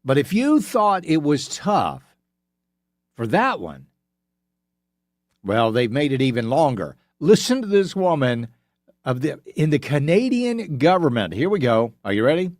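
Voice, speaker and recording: Casting: male radio host, sarcastic and mocking, animated swings in pitch, dry studio mic. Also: no echo. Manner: sarcastic, mocking, spells things out slowly. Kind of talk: opinionated talk radio monologue. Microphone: studio microphone.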